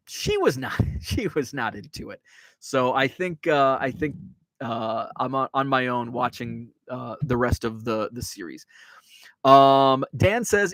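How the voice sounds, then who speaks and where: A man's voice: medium pitch, fairly bright tone, dry recording. A man from Illinois hosting a casual livestream, rambling and restarting often as he reads out viewer comments. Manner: rambling, with many restarts and fillers. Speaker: sports card collector and channel host.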